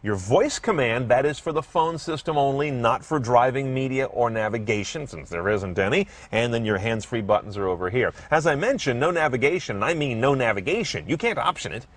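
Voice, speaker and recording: A man presenting a product review in a brisk, wry and opinionated way, with faint music behind him. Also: medium pitch, lively intonation, no echo. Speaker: car reviewer. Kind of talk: scripted product review narration.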